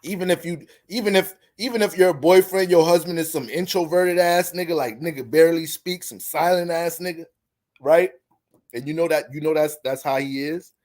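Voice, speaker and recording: A man who hosts an astrology channel, talking in a casual, profane, rambling monologue. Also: a little high. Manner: profane, animated, rambling, restarts often. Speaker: astrology content creator.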